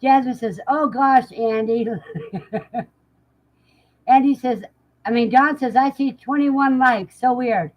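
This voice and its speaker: Woman livestream host, easygoing and slow-spoken, a touch high, muffled lo-fi audio. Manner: unhurried, chatty, laughs often. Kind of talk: casual chat, reading out live comments.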